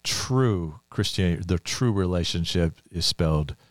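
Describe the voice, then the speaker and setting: A man's voice: low-pitched, expressive, moderate pace, no room sound. A man co-hosting a religious podcast, chatting in an affirming, punchy way and playing with words. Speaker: podcast co-host. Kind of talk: casual religious podcast chat.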